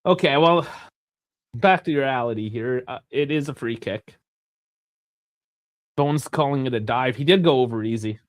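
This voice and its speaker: A young man hosting a live football watch-along, chatty and rambling, swearing freely and bursting into shouts at big chances. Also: medium pitch, normal speed, pauses often, no room sound. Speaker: live stream host.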